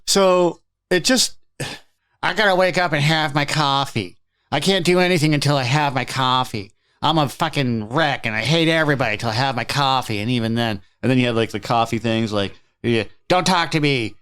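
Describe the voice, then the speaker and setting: Man, co-host, ranting, profane, sarcastic, mid-pitched. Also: brisk, fairly bright tone, clean tone. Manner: ranting, mocking voices in sarcastic impressions. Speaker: podcast co-host. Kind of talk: casual profane banter.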